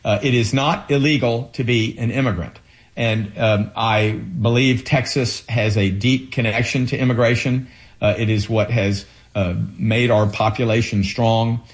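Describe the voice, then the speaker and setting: A man running for office, answering interview questions in an earnest, halting way with frequent fillers. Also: mid-range voice, steady tone. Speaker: political candidate.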